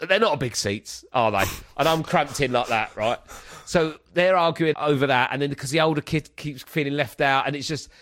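A man's voice: a little high, normal speed. A man, a comedian and podcast host, telling a story in a casual chat and acting out the voices. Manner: animated, acts out voices.

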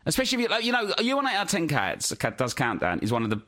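A man's voice: on the high side, huge pitch swings, racing, pushed and bright. A man hosting a podcast, chatting loosely with lots of fillers. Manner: rambling, chatty, with many fillers. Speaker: podcast host. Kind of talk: casual podcast chat.

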